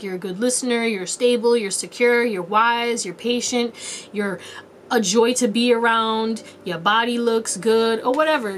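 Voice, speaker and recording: There's a light hiss or hum behind this woman's slightly high voice as she gives her viewers a relaxed tarot reading. She keeps things playful and chatty, laughing often and using plenty of slang.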